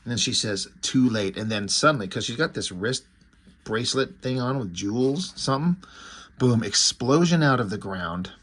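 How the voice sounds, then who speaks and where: A man's voice: medium pitch, lively intonation, normal speed, fairly bright tone, husky. A man giving a casual, rambling recap and commentary as a comic book reviewer, offhand with frequent fillers and restarts.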